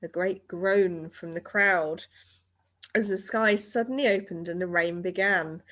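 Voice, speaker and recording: Woman, lowish voice, reading a children's book aloud, expressive storytelling. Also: a little slow. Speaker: reader.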